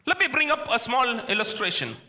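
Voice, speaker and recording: A man's voice: extremely high pitch, huge pitch swings, brisk, bright, forceful tone. A man pastor preaching a conversational sermon in a church, asking the congregation questions. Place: church sanctuary.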